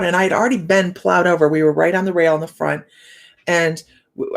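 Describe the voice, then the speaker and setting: Woman, middle-aged, low voice, fry, casual livestream storytelling, fillers and restarts, slight slur. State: sore jaw, words slightly slurred. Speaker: psychic livestream host. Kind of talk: casual live-stream chat.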